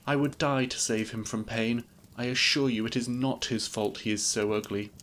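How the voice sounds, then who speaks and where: A man voicing an earnest, gentle young woman in a storybook reading, lifting his voice softly. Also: fairly even intonation, normal speed, slight background noise, lightly acted. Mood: indignant. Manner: raised pitch, soft and pleading.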